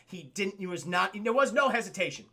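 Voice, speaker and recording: Profane, animated man reviewing on stream. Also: high voice, brisk. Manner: profane, animated, addresses chat. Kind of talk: casual stream commentary.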